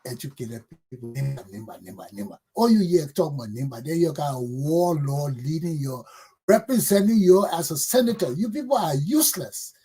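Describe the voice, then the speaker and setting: A middle-aged Liberian-accented man hosts a talk show in a high, husky, slightly rough yet mellow voice. Speaking animatedly at a normal pace, he gives blunt, scolding political commentary and insults the people he criticizes.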